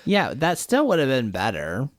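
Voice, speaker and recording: A man's voice: mid-range voice, huge pitch swings, moderate pace, no room sound, clean studio sound. A man co-hosting a podcast, animatedly retelling an episode and quoting the characters. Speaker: podcast co-host. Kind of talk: casual chat, retelling an episode.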